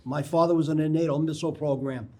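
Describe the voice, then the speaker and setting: A man's voice: on the high side, steady tone, quick pace, a little mellow. Older man telling a rambling story. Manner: rambling anecdotal, frequent throat clearing. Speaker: guest. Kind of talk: casual interview storytelling. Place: local TV studio.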